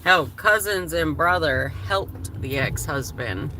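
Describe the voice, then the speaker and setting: A woman's voice: low-pitched, expressive, slow, bright, forceful tone, slight background noise. A woman chatting candidly on a livestream, emotional and swearing freely. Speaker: live streamer. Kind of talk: casual livestream chat.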